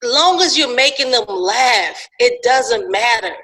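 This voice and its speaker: Woman comedian guest, high voice, very lively pitch, emphatic, casual. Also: slow pace, husky. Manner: encouraging, emphatic interjections. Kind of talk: casual chat.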